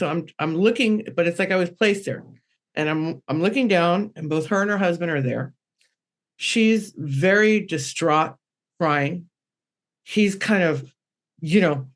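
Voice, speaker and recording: A woman medium telling a personal story on a podcast panel, rambling and animated, acting out the quotes. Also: low-pitched.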